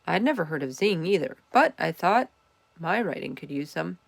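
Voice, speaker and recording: A woman reading a children's chapter book aloud, with expressive, animated storytelling. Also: fairly low pitch, moderate pace, creaky, dry recording. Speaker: storybook reader.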